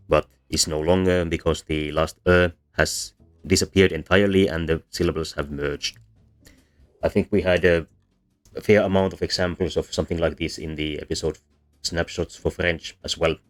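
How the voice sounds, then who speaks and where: A man presenting a linguistics lecture from slides, explaining step by step with frequent ums and self-corrections. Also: low voice. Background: soft bossa music.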